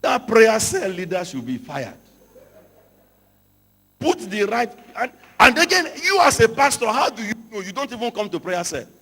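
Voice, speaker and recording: A man preaches in a large hall, his voice bright and high and a little husky. Long reverb hangs behind him. He tells stories and builds to shouted emphasis. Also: sing-song, moderate pace. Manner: storytelling, rising to shouted emphasis. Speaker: pastor. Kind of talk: sermon to pastors.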